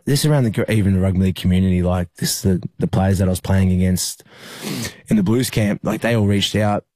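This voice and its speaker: A young Australian rugby league player recalls something emotional in an interview, speaking in a very low, dark voice. His delivery is flat and even but halting, with frequent fillers and restarted sentences. The recording is dry and close.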